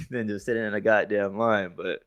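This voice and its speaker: A man's voice: fairly low pitch, fairly even intonation, normal speed, a bit bright, smooth, dry recording, clean studio sound. A man co-hosting a podcast, telling a story in casual chat, swearing freely and laughing often. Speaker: podcast co-host.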